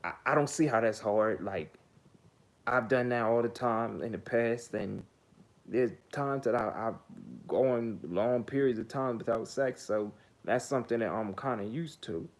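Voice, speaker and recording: A man's voice: mid-range voice, measured pace. A man telling a casual story in a blunt, profane, rambling way, full of fillers. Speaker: vlogger.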